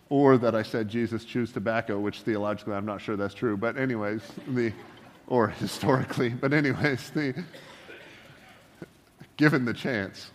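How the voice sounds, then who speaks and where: A man delivering a casual, humorous sermon, drifting into playful asides before returning to the point. His voice sits at an ordinary middle pitch. Long reverb trails each phrase, as in a church hall. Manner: joking, conversational preaching with asides. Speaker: pastor.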